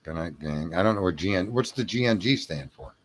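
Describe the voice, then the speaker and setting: A man hosting a late-night livestream, telling a rambling story with lots of swearing, laughter and throat clearing. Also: low voice, lively intonation, brisk. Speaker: livestream host. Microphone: home streaming mic.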